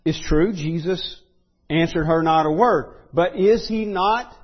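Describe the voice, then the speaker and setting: Earnest husky male preacher. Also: a little high, unhurried, dull audio. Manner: earnest preaching, rising to loud pleading quotes. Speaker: pastor. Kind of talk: sermon.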